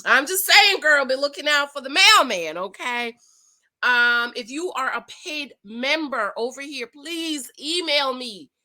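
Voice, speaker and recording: A high-pitched woman hosts her own dating-advice commentary, sassy and preachy as she calls her viewers "girl." Her voice has a bright, forward ring. She talks in a loose, casual way, as if to a friend. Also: lively intonation, measured pace.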